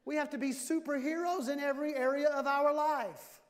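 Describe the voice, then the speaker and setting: A man in his fifties preaching a sermon with humor, animated and jokey, acting out little dialogues. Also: very high-pitched, brisk. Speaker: pastor. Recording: long hall reverb.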